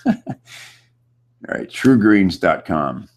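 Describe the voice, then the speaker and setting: A man's voice: deep voice, big pitch swings, drawn-out words. A man hosting a live online question-and-answer session, chatty and upbeat, talking loosely with plenty of fillers as he reads out viewer questions. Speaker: host of a live online Q&A chat. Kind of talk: casual coaching chat, reading viewer questions. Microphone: computer setup with screen share.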